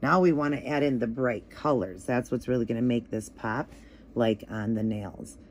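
A man hosting a casual nail art tutorial, talking viewers through each step in a relaxed, chatty way with plenty of ums and you-knows. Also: medium pitch, moderate pace, a little hiss or hum.

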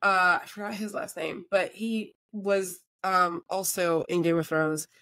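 A woman guest, a voiceover artist and filmmaker born in New Jersey and raised in England, speaks in a lowish voice at a measured pace, with no room sound. Her accent is American, though a British one surfaces at times. In a casual interview she shares animated anecdotes, doing lively impressions of people and laughing.

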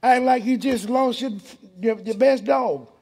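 A man's voice: very high-pitched, measured pace, darkish tone. A man, preaching as pastor in a church, emphatic and full of rhetorical questions. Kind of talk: sermon.

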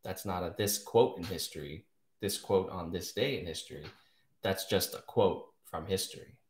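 A man with a low-pitched voice hosts a live poetry stream in a loose, casual way. He rambles, corrects himself and drops wry asides. The sound carries a noticeable room echo. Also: moderate pace. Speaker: host of a live poetry show. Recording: echoey room.

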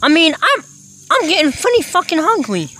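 A man voicing a loud, rowdy young male electric mouse toy in an improvised toy skit, crude and shouty, tacking "man" onto everything. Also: extremely high pitch, sing-song, normal speed, full character voice. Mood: hungry.

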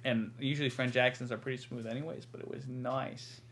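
A man's voice: mid-range voice, fairly even intonation, fairly quick, a bit bright, slight background noise. A man co-hosting a casual reaction video, joking and playing mock-defensive with his co-host.

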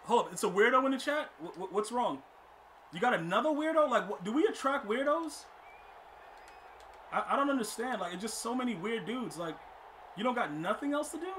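A man streaming a football video game, commenting live and talking to his chat, often exasperated and breaking into loud outbursts. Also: very high-pitched, expressive, a little fast, slight background noise. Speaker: gaming streamer.

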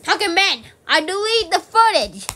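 High, bright-voiced playful mom. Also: female voice, very animated, normal speed, a little hiss or hum. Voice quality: giggly, talks back to the app in a teasing tone. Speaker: mom playing a talking-pet app on camera. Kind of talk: playful casual chat.

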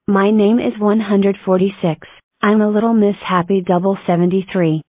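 A perky female number block from a cartoon, voiced by a woman, announces herself in a flat, even way. The voice has a mid pitch. The audio sounds thin and phone-like, with no echo. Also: normal speed, lightly acted. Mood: announcing. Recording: tinny dry lo-fi audio.

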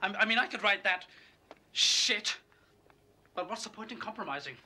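An actor playing a bitter, stammering writer who rants about the police. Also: male voice, sits high, lively intonation, normal speed, very noisy. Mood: awkward. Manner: stammering, ranting. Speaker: aspiring writer.

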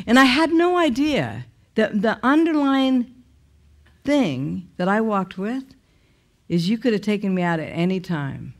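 A woman's voice: medium pitch, big pitch swings, unhurried. A woman sharing a personal testimony in a conversational, emotional way. She uses many fillers and restarts, and her voice jumps up sharply when she quotes her own angry words.

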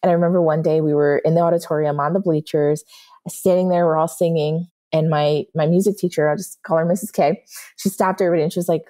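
With a low voice and quick delivery, a woman manifestation coach tells animated stories during a podcast guest interview. She peppers her speech with frequent "right?" check-ins.

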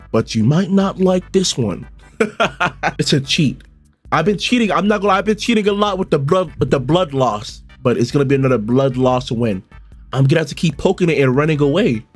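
A young man with a fairly high voice riffs through comedic reaction commentary. He talks in an animated, exaggerated way, swears freely and jumps into sudden loud outbursts. Faint music sits quietly underneath. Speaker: online video host reacting to a video.

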